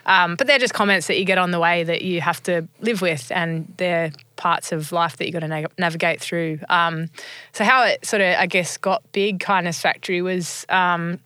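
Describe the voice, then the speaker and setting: A woman's voice: lowish voice, steady tone, moderate pace, sharp tone, smooth, no echo. A woman in her thirties, earnestly and reflectively telling her personal story as an interview guest, with frequent ums. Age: 30s.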